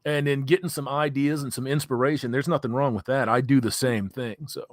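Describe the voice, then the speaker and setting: A man's voice: medium pitch, steady tone, fairly quick, dry recording. A man guesting on a livestream, talking casually and emphatically with heavy swearing. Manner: emphatic, profane.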